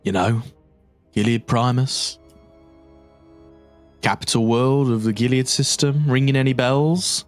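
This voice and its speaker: A man, narrating a tabletop game as game master in slow, descriptive storytelling. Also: mid-range voice, steady tone, soft background music.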